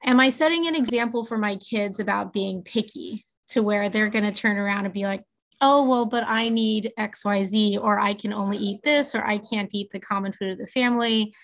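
A woman's voice: mid-range voice, moderate pace. A woman in casual conversation who asks thoughtful questions with some hesitation and fillers.

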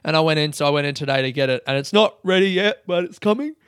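A man in casual podcast chat, swearing freely and growing animated as he tells his stories. His voice sits a little high for a man and comes through smooth and clear, with a dry, close sound. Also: fast talker, no echo. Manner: sweary, animated, laughs often at himself. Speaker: podcast host.

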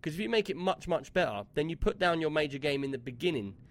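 A man's voice: a little high, lively intonation, fast talker. Chatty man, gaming podcast host. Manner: chatty, storytelling, reads out chat comments. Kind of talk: casual gaming podcast chat.

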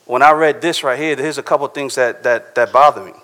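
Casual preacher in a reverberant hall. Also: male voice, medium pitch, a little fast, fairly bright tone. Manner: casual, conversational preaching with frequent "right?". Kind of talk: sermon.

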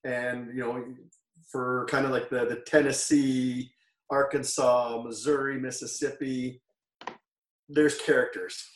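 A Canadian man in his forties spins loose stories as an interview guest, backtracking and correcting himself in an easy, mid-pitched voice. He sits back from the mic in a room that echoes, so he sounds distant and hollow. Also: little pitch movement, slow pace, slight background noise. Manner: rambling, self-correcting, laughs while telling stories. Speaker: guest, former wrestler. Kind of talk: casual interview storytelling.

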